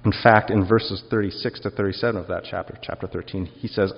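In a lowish, creaky, husky voice, a male pastor preaches at a fairly quick clip with a steady tone. His sermon feels reflective and conversational as he asks his listeners rhetorical questions. A long hall reverb fills the dull, lo-fi recording.

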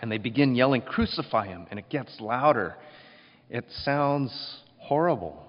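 Male preacher, emphatic storyteller, mid pitch. Dull recording with long reverb. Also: unhurried. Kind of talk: sermon.

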